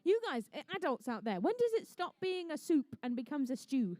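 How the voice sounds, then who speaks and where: A woman's voice: high voice, big pitch swings, moderate pace, mellow, dry recording. A woman commentating a live competition, bubbly and jokey, chatting with the crowd between rounds. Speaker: event commentator and MC.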